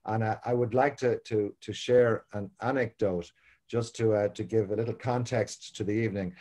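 A man's voice: on the low side, fairly even intonation, normal speed, warm tone. A man from Ireland with an Irish American accent, a theatre producing director moderating a video-call talkback, repeating words and stammering as he tells anecdotes.

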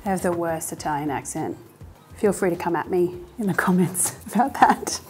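A woman's voice: lowish voice, normal speed, soft background music. A woman hosting a cooking show, chatting casually and explaining each step in an upbeat way as she cooks in a kitchen. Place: home kitchen.

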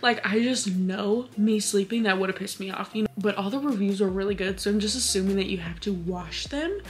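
A woman's voice: medium pitch, a little fast. A woman in her twenties from Hawaii, chatting frankly to camera in a casual vlog, full of fillers and easy swearing. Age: 20s. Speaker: vlogger.

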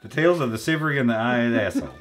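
A man co-hosts a podcast in a mid-range voice, talking fast as he rips open trading card packs and trades crude, profane banter, deliberately butchering the card names. Background noise is audible, mostly the crinkle of card wrappers.

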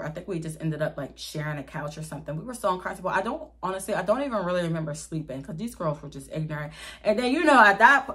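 A young woman with a fairly low voice tells a storytime vlog in a loose, chatty way. She talks straight to her viewers, calls them y'all and tells things candidly and with drama. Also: a bit bright. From Pittsburgh area, USA. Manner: candid, dramatic retelling with slang. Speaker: vlogger. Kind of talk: casual storytime.

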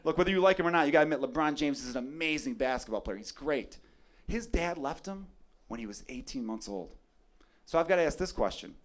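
A man's voice: fairly high pitch, lively intonation, fast. Ranting young stand-up comedian, man. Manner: loud, ranting punchlines with crowd laughter. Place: comedy club stage. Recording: live club recording with crowd noise. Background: audience laughter.

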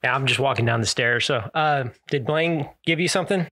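A man's voice: mid-range voice, fairly quick, sharp tone. A man at a tabletop game voices his character in a plain mid-range voice. He mixes in-character lines with casual table talk. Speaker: player. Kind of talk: tabletop role-play in character.

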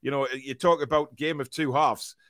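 A man's voice: medium pitch, fairly even intonation, moderate pace, fairly bright tone, no echo, clean studio sound. A man hosting a casual fan podcast, reading out live comments and chatting, rambling with fillers and restarts. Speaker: podcast host.

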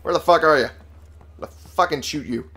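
A man's voice: a little high, fairly quick, sharp tone, breathy edge. A man giving casual gameplay commentary, sarcastic and profane, talking back to the game's characters. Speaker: let's play gamer.

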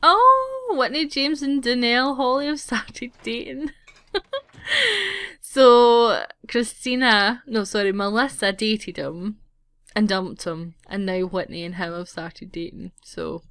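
A chatty woman talks through a life-simulation game as she plays. She giggles often and scolds the characters, her voice sitting at an ordinary middle pitch. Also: steady tone, slow pace, no echo. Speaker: gaming channel host. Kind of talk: casual let's play commentary.

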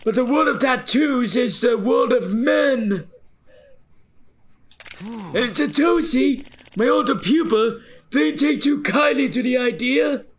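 A man voicing an old male master tattooist in a slow, gravelly grandpa voice while reading game dialogue. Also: very high voice, expressive, exaggerated voice.

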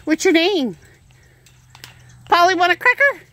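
A woman's voice: extremely high pitch, lively intonation, measured pace, very noisy. A woman vlogger outdoors at an animal attraction, coaxing birds in a sing-song voice. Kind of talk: casual chat, baby talk to animals.

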